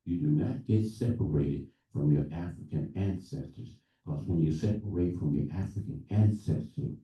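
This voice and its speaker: Deep, dark-voiced man leading a ritual. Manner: earnest, with halting pauses and restarts. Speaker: elder leading a libation. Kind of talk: preaching-style address. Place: church hall during a live service. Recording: echoey room from far off.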